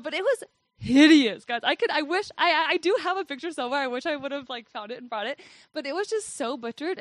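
A woman's voice: high voice, dry recording. A young woman telling a personal faith story in a chatty way, saying "like" often and laughing as she goes. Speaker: speaker sharing a faith testimony.

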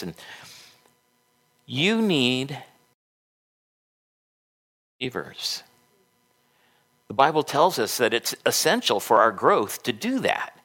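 A man's voice: mid-range voice, very animated, takes it slowly, long pauses, a bit bright. A middle-aged man preaching a sermon as a pastor, with folksy, conversational storytelling.

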